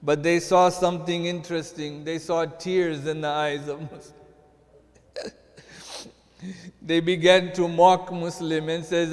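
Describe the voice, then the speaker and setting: Man giving a slow mournful sermon. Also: fairly high pitch, flat delivery. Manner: slow mournful storytelling, rising into chanted Arabic lament. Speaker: sheikh. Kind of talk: sermon narration. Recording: long hall reverb.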